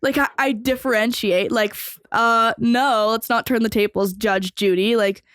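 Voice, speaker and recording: A woman's voice: fairly high pitch, fairly even intonation, normal speed, a bit bright, dry recording, studio quality. A young adult woman hosting a podcast, telling a long personal story in a rambling way, full of fillers and casual swearing. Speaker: podcast host.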